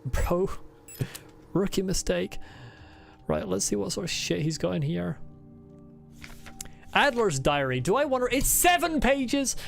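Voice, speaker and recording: Sweary, animated woman playing a game. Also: mid-range voice, unhurried, gravelly, long pauses, faint music behind. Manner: sweary, sarcastic and laughing. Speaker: gaming channel host. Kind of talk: casual game commentary.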